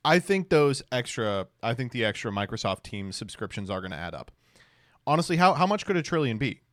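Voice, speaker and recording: A man doing casual commentary on a stream, reacting to clips with deadpan sarcasm and mock enthusiasm. His voice sits in a middle pitch. It is recorded close and dry, with no room sound. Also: fairly quick, dry recording.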